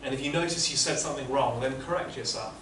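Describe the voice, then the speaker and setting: A man's voice: mid-range voice, quick pace, recorded from a distance, noisy background. Man giving echoey classroom feedback. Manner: patient, explanatory, many restarts. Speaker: interpreting teacher giving feedback.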